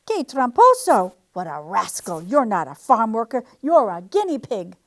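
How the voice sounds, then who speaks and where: Reader doing a loud scolding farmer man, hot-tempered and gruff, storybook read-aloud. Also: high-pitched, big pitch swings, moderate pace. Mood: outraged. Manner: exclaiming, scolding.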